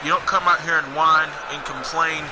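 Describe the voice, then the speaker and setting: A man's voice: fairly high pitch, fairly even intonation, fairly quick, noisy background, close to an everyday voice. A man voicing an emotional male pro wrestler who pleads with his old tag partner, talking in an earnest, rambling, apologetic way. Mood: pleading.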